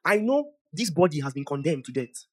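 A young man preaching a sermon, emphatic and animated, swinging from loud declarations to soft asides. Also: fairly high pitch, brisk, husky. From Nigeria.

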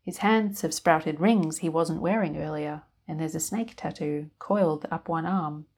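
A woman narrating a fantasy tale in a steady, measured reading. Her voice sits slightly low and stays calm from line to line. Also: slightly rough. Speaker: storyteller. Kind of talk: scripted fiction narration.

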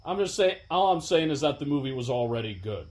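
A man's voice: fairly high pitch, big pitch swings, fast, crowd noise. A man co-hosting a casual podcast, chatting loosely about movies and quoting lines with a laugh. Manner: laid-back, quotes film lines with laughs. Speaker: podcast co-host. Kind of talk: casual chat.

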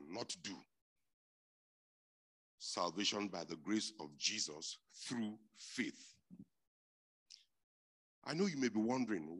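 Deep, bright-voiced emphatic male preacher. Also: breathy edge. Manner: emphatic, repeats key phrases, swings from quiet to loud. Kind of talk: sermon.

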